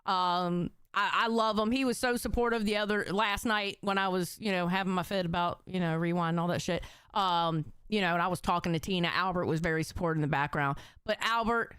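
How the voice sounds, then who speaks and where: A woman's voice: fairly low pitch, a little fast, few pauses, a bit bright, clean tone, no room sound, studio quality. A woman live-streaming, reacting to clips and reading chat in blunt, profane, teasing banter.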